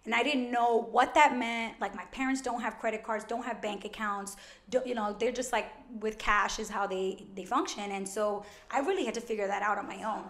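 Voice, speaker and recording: A woman around thirty from Brooklyn, a financial educator talking as a guest in a casual interview, loud, quick and animated. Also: on the high side. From Brooklyn, New York. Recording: roomy echo.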